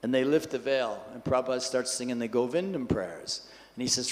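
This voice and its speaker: A man giving a scripture class in a temple hall, telling an anecdote in a lively way and acting out the quotes. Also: medium pitch, moderate pace. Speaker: class speaker.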